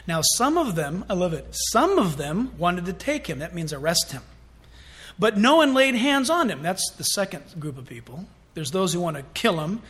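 A man preaching a sermon in church, animated and acting out little scenes in voices. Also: high voice, moderate pace. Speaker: pastor.

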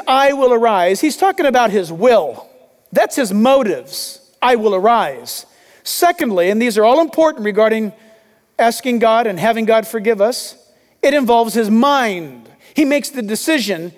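Male pastor, high-pitched, emphatic sermon delivery, long hall reverb. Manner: emphatic preaching, loud and urgent.

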